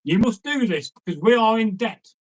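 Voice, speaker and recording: A stern old Viking father with a white beard, as a man telling the tale puts him on. He gives his orders slowly and with weight, and his voice sits fairly high for a man. He sounds like a figure in a spoken folk tale. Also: expressive, poor audio.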